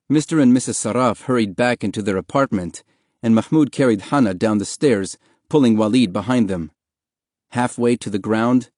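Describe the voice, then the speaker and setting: A man narrating an audiobook in a steady, measured storytelling manner, recorded on a close studio mic. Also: fairly low pitch, no room sound.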